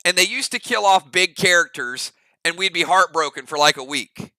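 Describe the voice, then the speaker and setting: A man's voice: high voice, expressive, moderate pace, pushed and bright, dry recording. A man hosting a live-stream reaction show, chatting loosely with his viewers and thinking aloud with many restarts. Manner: rambling, thinks aloud with restarts, talks straight to chat.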